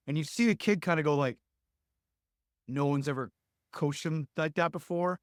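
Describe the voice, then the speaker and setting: A man's voice: a little high, normal speed, dry recording, studio quality. A young adult man telling coaching stories in casual podcast talk, earnest and rambling with many fillers. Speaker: lacrosse coach, podcast guest.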